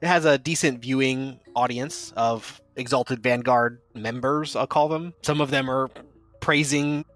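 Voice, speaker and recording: A man acting as game master, explaining the rules in a relaxed, rambling way. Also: medium pitch, a little slow, soft background music. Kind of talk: narrating a tabletop game.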